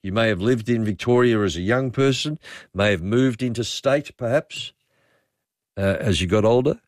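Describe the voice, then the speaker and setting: A man with an Australian accent hosting talkback radio, chatting in a rambling, relaxed way and reading listener messages aloud. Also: fairly low pitch, moderate pace, no room sound, studio quality. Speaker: radio host. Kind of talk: casual talkback radio chat.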